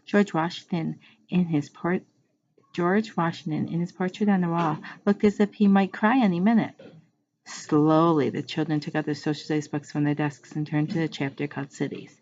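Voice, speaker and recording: Woman reading a storybook aloud, low voice. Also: fairly even intonation, a little mellow, a little hiss or hum. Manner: unhurried, stops to explain words, corrects slips. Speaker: teacher reading aloud to a class. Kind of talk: reading a children's book aloud. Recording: muffled lo-fi recording.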